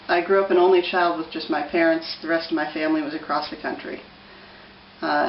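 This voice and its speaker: A woman's voice: on the low side, a little hiss or hum. A woman in her thirties with a Pacific Northwest American accent, rambling through a casual vlog with lots of ums. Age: 30s. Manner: rambling, relaxed, many ums. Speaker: vlogger. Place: room with an open window. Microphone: camera on a tripod. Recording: roomy, distant, dull home-camera sound.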